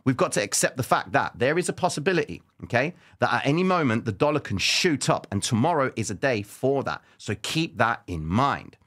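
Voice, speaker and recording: A man hosting casual market commentary, addressing viewers as ladies and gentlemen with informal slang and frequent check-ins. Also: medium pitch, sing-song, brisk, few pauses.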